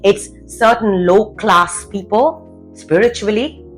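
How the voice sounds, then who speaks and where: A woman's voice: mid-range voice, slow pace, faint music behind, poor audio. A woman confidence coach delivering a blunt, cursing motivational rant, hammering out rhetorical questions. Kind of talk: profane motivational rant to camera.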